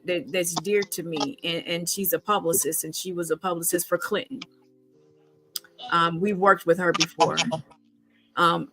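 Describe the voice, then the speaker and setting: A middle-aged woman hosts a casual conversation, her voice bright and forceful. She talks emphatically, pressing with rhetorical questions and pausing on frequent ums and restarts. Soft music sits faintly behind her. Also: lowish voice, rough recording. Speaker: podcast host.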